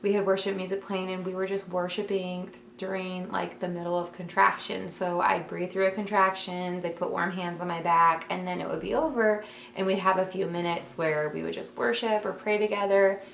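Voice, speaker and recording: A young woman chats to the camera from her bedroom, telling a story in an easy, emotional way. She fills her speech with "like" and "um". The room adds a clear echo, with a faint hum of ambient noise behind her. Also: lowish voice, flat delivery, moderate pace, few pauses, a bit bright. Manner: chatty, many fillers like "like" and "um"; emotional, heartfelt.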